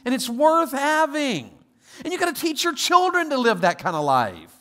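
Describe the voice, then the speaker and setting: A man preaching a sermon as a guest pastor, telling stories with quoted voices and moving from quiet asides to loud exhortation. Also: extremely high pitch, sing-song, moderate pace.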